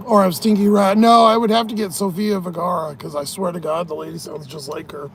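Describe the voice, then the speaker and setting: A man's voice: sits high, steady tone, fairly quick, gravelly, slight background noise. A tired man vlogging in a casual, rambling way, swearing often and laughing at his own stories. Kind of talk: casual rambling vlog talk.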